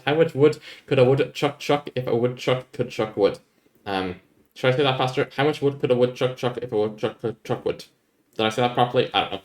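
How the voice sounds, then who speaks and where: Laid-back young guy, echoey room. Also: medium pitch. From Ireland. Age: young adult. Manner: rambling, laid-back, easily amused. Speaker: YouTuber answering viewer questions. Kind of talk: casual Q&A chat.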